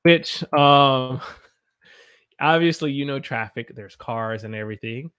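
A man's voice: mid-range voice, slow, a bit bright, clean tone. Playful American man teaching on a livestream. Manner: playful, jokey, laughs often; reads viewer comments aloud. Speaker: English teacher. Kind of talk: casual livestream lesson. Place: home room.

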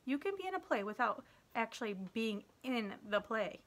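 A woman's voice: a little high, very animated, moderate pace, fairly bright tone. A woman voicing an earnest, chatty schoolgirl who scolds her rude classmate, in a read-aloud story. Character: chatty bossy schoolgirl, peacemaker.

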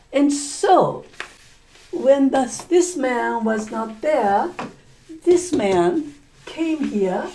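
A woman teacher tells a story at a very slow, deliberate pace. She stops often to explain and repeat words in a mellow, slightly high voice, and faint noise hums underneath. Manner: explains words, repeats them, asks "Okay?". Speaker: language teacher. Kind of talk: story-listening lesson, retelling a story.

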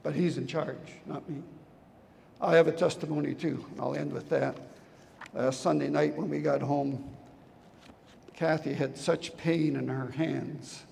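An older pastor preaches in a hoarse, deeply gravelly voice with a mellow, dark tone. He tells his stories earnestly, a man worn from preaching. The sound carries a long hall reverb over a faint hiss. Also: steady tone, unhurried, long pauses. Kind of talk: sermon.

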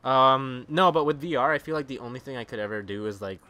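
A man's voice: mid-range voice, fast, bright, forceful tone. A young man co-hosting a let's play, joking and swearing in casual chat.

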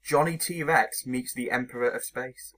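A man co-hosts a relaxed podcast, his tone bright and clear. He teases his partner, chuckles often and reads out silly titles deadpan. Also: mid-range voice, measured pace. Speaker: podcast co-host. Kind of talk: casual chat.

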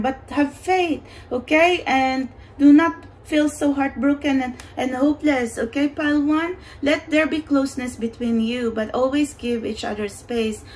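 A woman's voice: on the high side, a little mellow, poor audio. A woman giving a pick-a-card tarot reading in an earnest, reassuring way, often saying "you know" and "okay".

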